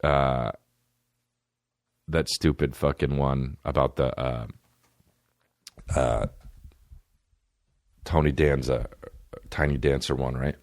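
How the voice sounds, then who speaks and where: A man hosting a podcast, ranting in a profane, mocking, animated comic way into a close mic. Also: very deep voice, slow, long pauses, no echo. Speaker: podcast host. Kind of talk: solo comedic rant.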